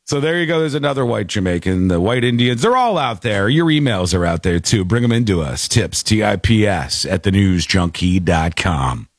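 Animated male radio host. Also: on the low side, normal speed, few pauses, dry recording, clean studio sound. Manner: animated, joking. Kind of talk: casual talk radio, reading listener emails. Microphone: studio microphone.

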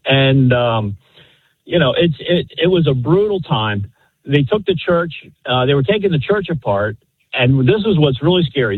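A man's voice: fairly high pitch, husky. A man calling in to a talk radio show, telling a family story in a rambling, earnest way with many fillers. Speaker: caller. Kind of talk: phone-in storytelling. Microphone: telephone. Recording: tinny phone line.

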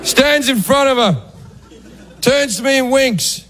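A man on stage telling a comic story, his voice sitting high for a man. He slips into loud, angry bursts for the characters. The live club recording carries clear room and crowd noise. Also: measured pace. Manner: deadpan storytelling with sudden raised acted outbursts. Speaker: stand-up comedian. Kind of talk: stand-up storytelling.

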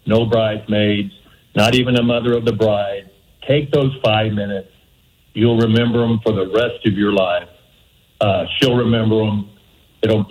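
A man's voice: on the low side, low-quality recording. A man calling in to a radio show, earnestly offering friendly advice. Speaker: caller. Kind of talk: phone-in advice.

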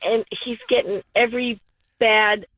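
A tearful, choked-up woman calling in to a radio show, her voice breathy and pitched a little high. She speaks slowly and haltingly. She comes through a thin, tinny phone line. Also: fairly even intonation, no echo. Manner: halting, emotional. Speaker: caller. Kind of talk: call-in radio caller. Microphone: telephone.

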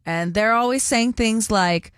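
A woman co-hosting a morning radio show, bubbly, with quick laughing reactions. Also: on the high side, smooth, no echo, studio quality. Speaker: radio co-host. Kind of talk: casual radio chat.

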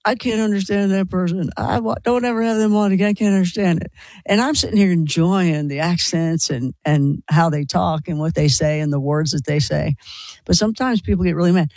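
A man's voice: fairly high pitch, vocal fry, darkish tone, no room sound. A man with a slight Kentucky accent hosting a call-in radio show, chatty and enthusiastic, often repeating himself. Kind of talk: casual call-in radio chat.

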